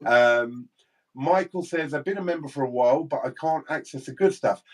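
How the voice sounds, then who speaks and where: A man's voice: medium pitch, normal speed, rough recording. An English man co-hosting a casual livestream, reading out viewer comments and laughing easily. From England. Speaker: livestream co-host.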